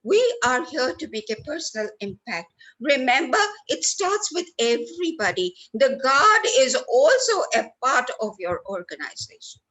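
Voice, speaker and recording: A woman runs a workshop session. Her voice sits a little high and swoops up and down as she hits important words. She talks straight to the people in front of her, sometimes calling them by name. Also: normal speed, rough recording. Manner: animated, stresses words for effect, addresses listeners by name. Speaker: workshop trainer. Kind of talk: lively training talk. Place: lecture hall.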